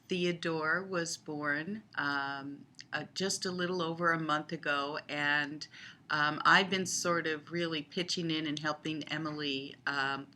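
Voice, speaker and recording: Older woman, low-pitched, slow, thoughtful video blogger; easy, hesitant delivery with lots of ums. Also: bright, forceful tone. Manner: unhurried, thoughtful, with frequent ums. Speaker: video blogger on child development. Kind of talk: casual talk to camera.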